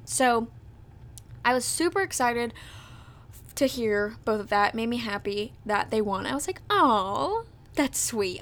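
Bubbly chatty young woman, bright pitch. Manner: bubbly, chatty, many "like" and "literally". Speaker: podcast host. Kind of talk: casual chat.

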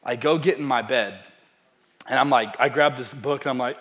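A young man, a pastor, preaching a sermon with animated storytelling and self-deprecating humor. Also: mid-range voice, normal speed.

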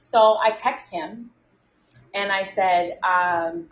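A woman's voice: medium pitch, very slow, reverberant, lo-fi sound. Exasperated woman ranting to her viewers. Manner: animated, exasperated, talks straight to viewers. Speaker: live stream host. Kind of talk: casual storytelling to a live audience.

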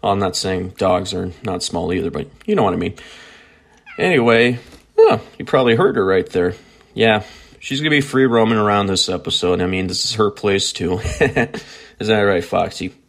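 A man hosts his own podcast in a loose, conversational way. He rambles, restarts and corrects himself mid-sentence. His voice sits on the low side. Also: normal speed. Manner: rambling, self-correcting, chatty. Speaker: podcast host. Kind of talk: casual chat.

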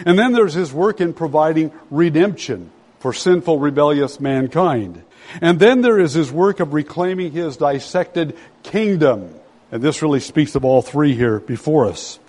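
Emphatic preacher in a reverberant hall. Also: male voice, fairly high pitch, a little mellow. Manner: emphatic preaching with rhetorical questions to the congregation. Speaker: pastor. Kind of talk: sermon.

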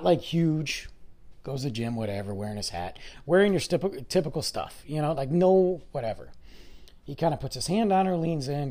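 Chatty man with a lively voice. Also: fairly high pitch. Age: adult with a school-age son. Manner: rambling, chatty, full of asides and fillers. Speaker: podcast host. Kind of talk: casual storytelling monologue.

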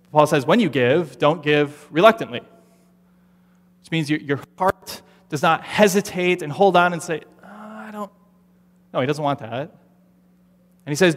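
A man preaching a sermon as pastor, animated and conversational, acting out his listeners' doubts in quoted asides. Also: on the high side. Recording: long reverb of a large hall.

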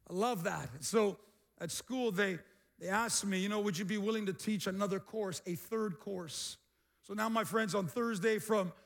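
A middle-aged man preaching a sermon as pastor, energetic, with repeated phrases and calls to the congregation. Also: sits high. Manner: energetic, repetitive call-and-response preaching.

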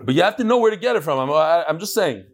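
A man's voice: fairly high pitch, expressive, quick pace. A man teaching a casual religious class to a live audience, joking and bantering with the room between lessons. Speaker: rabbi teaching a daily class. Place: study hall with a live audience.

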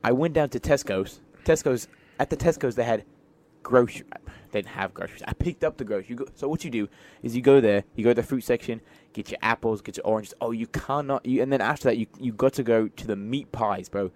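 A man's voice: on the low side, fairly even intonation, a little slow. A man putting on a chatty young British bloke, rambling through a shopping story with exaggerated slang. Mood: playful.

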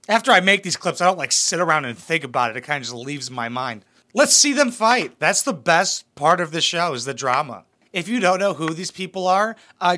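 A young man giving crude, mocking comedic commentary on reality TV clips. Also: high-pitched. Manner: mocking, profane, animated. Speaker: reaction commentator.

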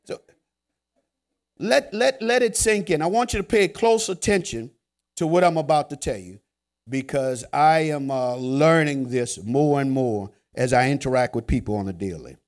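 A man preaching a sermon in a joking, conversational way, swinging from loud emphasis to hushed asides. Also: medium pitch, moderate pace.

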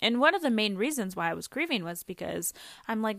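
A woman's voice: medium pitch, big pitch swings, moderate pace, fairly bright tone, no room sound, studio quality. A woman hosting a personal podcast, talking candidly in a rambling way with lots of fillers and casual swearing. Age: adult with a daughter. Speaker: podcast host. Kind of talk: personal reflective podcast monologue.

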